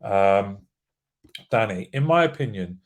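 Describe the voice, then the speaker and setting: A man's voice: lowish voice, animated, a little slow. A British man hosting a casual live show, greeting viewers by name and joking as he reads their comments. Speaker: livestream host.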